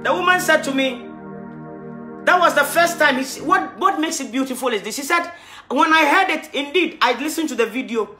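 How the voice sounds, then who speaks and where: Fervent female preacher with a bright, piercing tone, streaming from a phone in an echoey room. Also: high-pitched, moderate pace. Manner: impassioned, rising to loud exhortation. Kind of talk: livestreamed sermon. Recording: roomy livestream audio, faint music.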